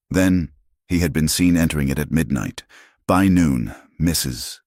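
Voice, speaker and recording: A man narrating a western audiobook in a steady, measured storytelling manner. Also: a bass voice, no room sound, studio quality.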